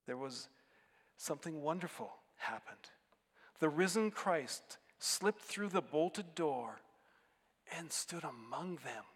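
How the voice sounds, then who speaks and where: A man preaching a sermon as pastor of a church, earnest, swinging between emphatic rises and quiet drops. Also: on the high side, animated, takes it slowly, in a large hall.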